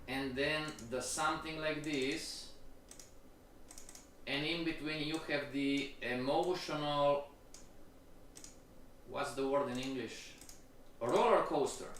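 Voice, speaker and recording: A man teaching a trading course on a live-stream lecture, keeps checking in with the audience, slow and repetitive. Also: on the high side, fairly bright tone, slight background noise. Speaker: trading instructor. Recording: very echoey room, voice from far off.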